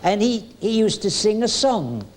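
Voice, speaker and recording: Older entertainer, somewhat high voice, chatty anecdotal storyteller with halting fillers. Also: male voice, very animated, a little mellow, slight background noise. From England. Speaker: veteran music hall entertainer. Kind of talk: anecdotal reminiscing.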